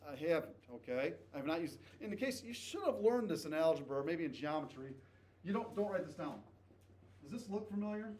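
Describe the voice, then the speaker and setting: A man's voice: on the high side, animated, a little fast, a little mellow. Man teaching math in an echoey classroom. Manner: repeats points with frequent "okay?" checks, encouraging. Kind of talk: classroom lecture. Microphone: distant camera mic. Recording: echoey classroom from far off, faint noise.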